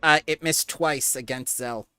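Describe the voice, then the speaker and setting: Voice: mid-range voice, unhurried, pushed and bright, smooth, dry recording, soft background music. A game master running a tabletop game over a voice call, narrating rolls and giggling often. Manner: giggly, apologetic, narrating dice results.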